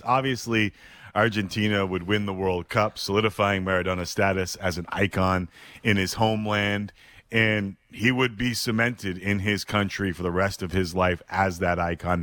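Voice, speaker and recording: A podcast host with a lowish voice reads his scripted story slowly and reflectively, leaning on short dramatic pauses. The recording is close and dry, with no room sound. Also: steady tone, fairly bright tone, no room sound.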